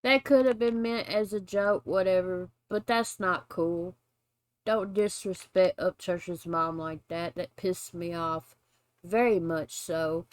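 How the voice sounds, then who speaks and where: A woman hosting a commentary channel, narrating online drama in a measured, indignant voice-over. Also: lowish voice, steady tone, dry recording. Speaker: YouTube commentary host.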